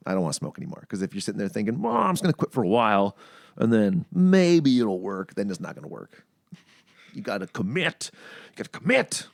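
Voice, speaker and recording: A man hosts a casual podcast chat, spinning long stories full of swearing and acting out the other people in them. His voice is animated, with pitch that leaps around, and the recording is dry and close with no room sound. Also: vocal fry, no echo. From Canada. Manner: swearing storyteller, acts out quoted voices. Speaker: podcast host.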